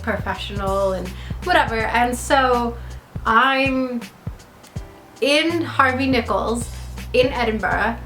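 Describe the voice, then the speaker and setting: A woman's voice: on the high side, a bit bright. A young woman telling travel stories in a chatty, rambling way, full of fillers and laughter. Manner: chatty, rambling, heavy use of "like", laughs often. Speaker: vlogger and actor. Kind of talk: casual storytelling vlog. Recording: echoey room with faint music.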